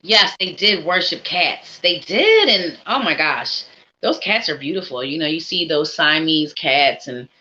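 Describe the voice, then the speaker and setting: A woman's voice: medium pitch, pushed and bright, dull audio. A woman hosting a live psychic reading stream, talking in an upbeat, encouraging, chatty way. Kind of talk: casual live-stream chat.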